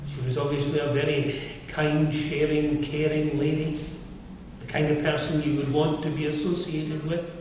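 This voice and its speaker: Older male preacher, earnest conversational sermon, high voice, long chapel echo. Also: level tone, normal speed, a little mellow, a little hiss or hum. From England. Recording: echoey chapel heard from far off.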